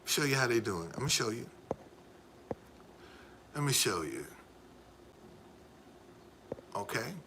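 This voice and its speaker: A man's voice: medium pitch, big pitch swings, moderate pace, vocal fry, noisy background. A man live streaming in a casual, rambling way, repeating himself and talking straight to his viewers. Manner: repetitive, emphatic, addresses viewers directly.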